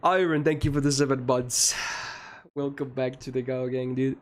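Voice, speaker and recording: A man's voice: medium pitch, steady tone, normal speed. A man streaming a game live, talking casually to his chat and getting frustrated, swearing and ranting about the game.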